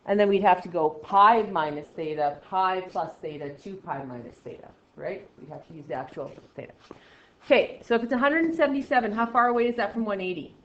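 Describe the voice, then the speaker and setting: A woman teaching a math lesson, brisk and encouraging, talking straight to her students. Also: medium pitch, a bit bright. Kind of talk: classroom lesson. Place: classroom. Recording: muffled roomy classroom recording.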